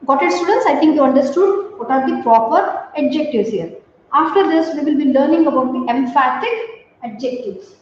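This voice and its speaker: A woman teaching a grammar lesson to students, speaking slowly and deliberately and repeating key words. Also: sits high, lively intonation, slight background noise. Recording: roomy, echoey, distant, dull audio.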